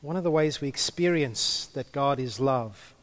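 A man's voice: mid-range voice, normal speed. A man preaching a sermon in a conversational way, with humorous asides and a few stumbles.

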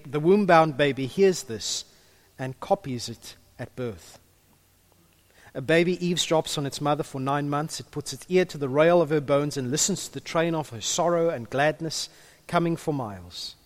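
A man preaching a sermon in a conversational way, with humorous asides and a few stumbles. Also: on the high side.

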